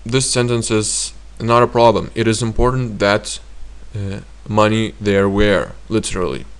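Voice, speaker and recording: A man with a Lithuanian accent teaching grammar in a slow, halting way with frequent fillers. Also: fairly low pitch, fairly even intonation, clean tone. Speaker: language teacher.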